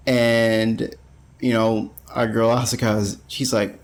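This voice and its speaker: A man's voice: mid-range voice, steady tone, moderate pace. A man giving a casual, rambling manga chapter review, full of slang and frequent laughter. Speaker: anime reviewer.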